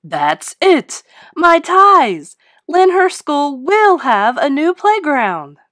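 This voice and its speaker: A woman voicing a kindly male school principal in a children's storybook, in a lively, expressive voice. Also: on the low side, unhurried, no echo, studio quality. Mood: excited.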